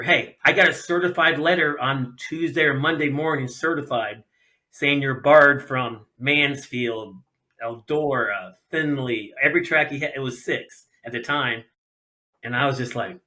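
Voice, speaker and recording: Middle-aged ohio guy telling racing stories, bright sharp voice, does all the voices. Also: mid-range voice, moderate pace. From Ohio, USA. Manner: animated, acts out quoted voices. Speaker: podcast guest, sprint car racer. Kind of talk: casual storytelling.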